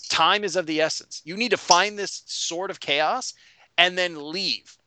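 A man's voice: high-pitched, measured pace, sharp tone, clean tone, pitched above the performer's own voice, exaggerated voice. A man voicing an insistent male ghost that warns of danger in a tabletop game recap. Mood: urgent. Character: urgent male ghost giving warnings.

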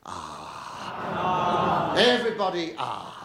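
Camp theatrical comedian. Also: male voice, high-pitched, wildly swooping pitch, drawn-out words. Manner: camp, theatrical, mock-indignant. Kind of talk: stand-up comedy monologue. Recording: noisy old broadcast recording.

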